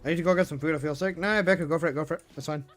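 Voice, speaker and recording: A man's voice: fairly high pitch, rapid-fire, soft background music. Chatty, swearing male streamer. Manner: chatty, swears and laughs often, talks to chat. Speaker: live streamer. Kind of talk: casual live-stream chat.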